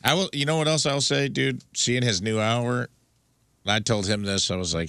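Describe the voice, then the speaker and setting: Deep-voiced laid-back comedian. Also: male voice, a bit bright, no room sound. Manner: laid-back storyteller, drawn-out anecdotes. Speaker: comedian and show regular. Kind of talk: casual podcast chat.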